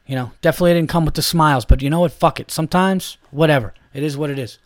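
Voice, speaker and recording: A man's voice: a little high, fast talker, no echo. A man in his thirties hosting a solo podcast, ranting in a heated, profane, rambling way. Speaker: podcast host.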